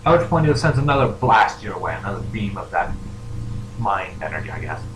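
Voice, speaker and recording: A man's voice: low-pitched, big pitch swings, a little fast, a bit bright. A man narrating as game master, hesitant and full of fillers. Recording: echoey room with noise, poor audio.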